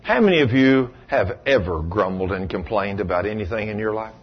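A man's voice: fairly low pitch, expressive, fairly quick, breathy edge, dull audio. A man preaching a folksy sermon as pastor, asking his congregation rhetorical questions.

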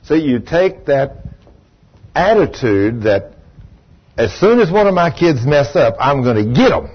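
A man's voice: mid-range voice, unhurried, husky. An older man preaching a sermon, telling stories and acting out the voices in them. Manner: animated storytelling, acting out voices. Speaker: pastor. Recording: dull lo-fi recording.

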